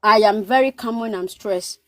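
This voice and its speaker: Appearing as a guest on a live stream, a woman from Nigeria shares stories in a lively, casual chat, repeating phrases for emphasis. Her medium-pitched voice is a bit bright and moves at a normal speed in a dry recording.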